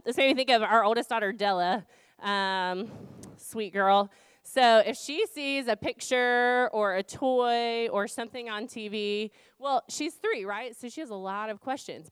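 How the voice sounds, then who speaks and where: A woman's voice: a little high, clean tone, no room sound. A woman in her thirties, a campus ministry team leader, giving an informal Bible talk to students, conversational with many fillers and rhetorical questions.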